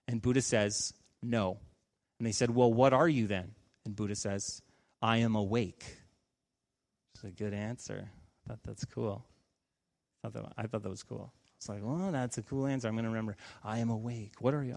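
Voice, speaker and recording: A man in his thirties, a pastor, preaching a conversational sermon with stories and sudden emphatic bursts. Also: medium pitch.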